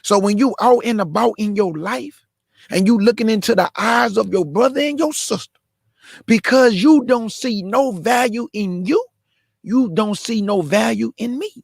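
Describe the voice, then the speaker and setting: Preachy high-voiced man, dry sound. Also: normal speed, gravelly, dry recording. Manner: preachy and repetitive, addressing listeners as family. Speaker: host. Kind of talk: preaching monologue.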